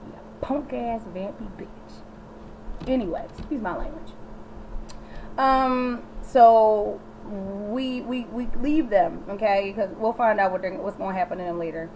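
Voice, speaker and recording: A woman vlogger giving a sassy, animated recap of a TV episode and talking straight to the viewer. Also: medium pitch, unhurried, a little hiss or hum, poor audio. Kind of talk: casual chatty recap.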